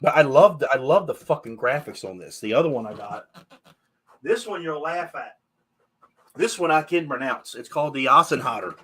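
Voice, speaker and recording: A man's voice: on the high side, lively intonation, normal speed, slightly rough. A man hosting a casual podcast chat, telling stories with animation and swearing freely. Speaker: podcast host.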